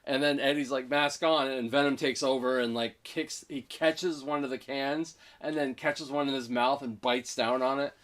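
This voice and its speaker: A man co-hosting a casual movie review, eagerly retelling scenes and acting out the characters' lines. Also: medium pitch. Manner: excited retelling, acting out lines with quick voice switches.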